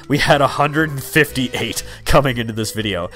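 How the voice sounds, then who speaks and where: A young man chatting loosely over his gameplay, drifting from topic to topic with plenty of 'like' and 'um'. His voice sits at an ordinary middle pitch. Soft game music plays faintly behind him. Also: normal speed, hardly any pauses. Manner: rambling, full of fillers and 'like'. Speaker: let's player. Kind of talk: casual gameplay commentary.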